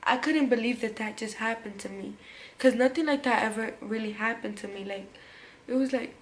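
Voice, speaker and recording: A woman's voice: fairly high pitch, normal speed, rough recording. A young woman telling a personal story on her vlog in casual, slangy talk, full of fillers and restarts, sometimes dropping to a whisper. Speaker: vlogger.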